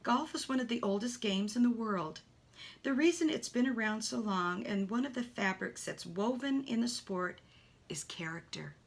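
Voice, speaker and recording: Woman narrator for a kids' storybook, animated delivery with hushed asides. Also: on the high side, normal speed, vocal fry. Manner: animated, with soft whispered asides. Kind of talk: children's story reading.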